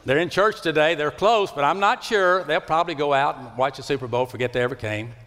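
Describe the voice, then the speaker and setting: Impassioned preacher man in a reverberant church. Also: brisk. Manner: impassioned, swings from loud rising calls to low hushed lines. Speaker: pastor. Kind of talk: sermon. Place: church sanctuary. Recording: long hall reverb.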